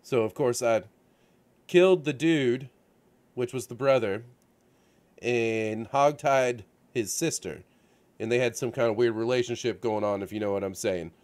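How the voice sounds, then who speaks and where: A man hosting a relaxed talk show, telling long, wandering stories about a video game. He restarts his sentences and piles on fillers as he goes. His voice sits in a middle pitch and sounds ordinary and conversational. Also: a little slow. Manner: rambling, animated storytelling with frequent fillers. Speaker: show host. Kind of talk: casual chat about video games. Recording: radio-show studio setup.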